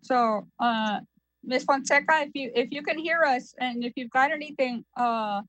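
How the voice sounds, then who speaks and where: High-voiced woman chairing a meeting. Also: moderate pace, a bit bright, dry recording, rough recording. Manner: formal, reads agenda items, hesitant fillers. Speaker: board chair. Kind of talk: chairing a virtual public meeting.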